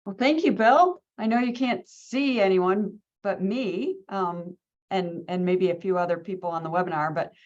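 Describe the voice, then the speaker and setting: A woman's voice: mid-range voice, moderate pace, a little mellow, muffled recording. A woman hosting a webinar and moderating its Q&A over a video call, friendly and loose, with many fillers.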